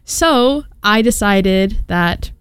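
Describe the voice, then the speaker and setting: Chatty young woman, smooth dry voice. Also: medium pitch, expressive, no echo. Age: 20s. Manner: chatty and self-deprecating, quick laughs. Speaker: podcast host. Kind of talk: casual solo podcast chat.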